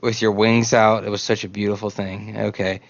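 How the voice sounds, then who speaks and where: A man playing in a tabletop game, talking excitedly and swearing freely in casual chat. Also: lowish voice, moderate pace, dry recording. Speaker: player. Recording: dull lo-fi audio.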